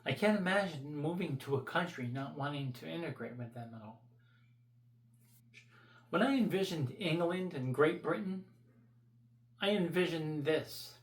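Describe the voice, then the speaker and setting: A man's voice: a little high, lively intonation, normal speed, long pauses, echoey room. A man vlogging his opinions in a blunt, profane, rambling rant.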